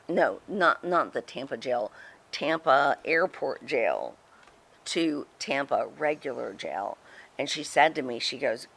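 A middle-aged woman telling a story in a casual interview, animated and chatty, acting out what others said. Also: deep voice. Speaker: guest, former wrestling personality.

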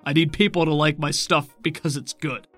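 A man's voice: a little high, steady tone, moderate pace, fairly bright tone, soft background music, lightly acted. A worked-up, earnest middle-aged chef and father who stumbles over his words, voiced by a game master close to his own voice. He insists and frets, repeating himself as he pushes his point.

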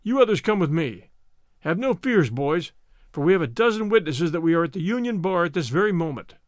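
A man voicing a surly, brutal male gang leader who barks gruff orders. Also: a little high, very animated, a little fast, no room sound, clean studio sound.

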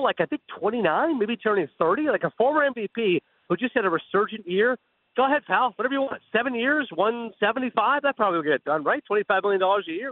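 A man's voice: sits high, dry recording. A man calling in as a sports analyst guest on a radio show, talking animatedly and acting out imagined conversations over a phone line. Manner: animated, acts out imagined dialogue. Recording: tinny dry phone line.

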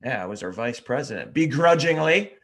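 A man's voice: medium pitch, sing-song, fairly quick, gravelly, a bit bright. A man co-hosting a podcast, teasing his friend and telling dry, rambling stories in casual banter. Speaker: podcast co-host.

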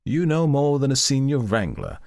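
A man's voice: medium pitch, wildly swooping pitch, normal speed, vocal fry, darkish tone, no echo, studio quality, voice pushed up. A man voicing a formal, bookish young scholar. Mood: courtly. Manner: formal, courtly, wordy.

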